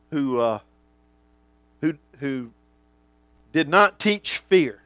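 Animated preacher, high and lively. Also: male voice, drawn-out words, long pauses, no echo. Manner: dramatic swings from booming to hushed, acts out quoted voices. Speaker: pastor. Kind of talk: sermon.

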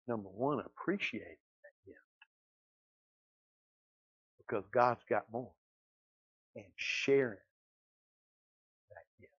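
With a mid-range, slightly rough voice, a man from South Georgia, USA, preaches as pastor in a Southern Georgia accent, building toward emphatic repetition. There's no room sound, and the lo-fi recording is dull.

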